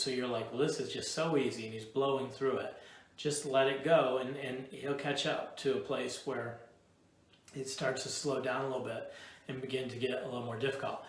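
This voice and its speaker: Chatty man in an echoey room. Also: mid-range voice. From Buffalo, New York. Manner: rambling, playful, explains at length. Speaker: host answering curriculum questions. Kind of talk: casual live Q&A.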